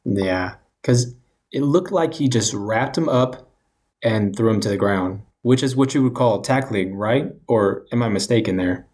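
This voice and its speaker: A man's voice: fairly low pitch, unhurried, darkish tone. A man co-hosting a casual sports podcast, laughing often and cracking jokes. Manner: laughing, wisecracking. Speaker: podcast co-host.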